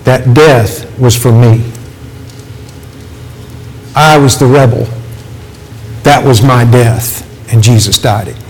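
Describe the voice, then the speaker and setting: A man's voice: mid-range voice, slow, pauses often, a little mellow, slight background noise, poor audio. A man preaching a sermon, earnest and pleading, voice climbing for emphasis.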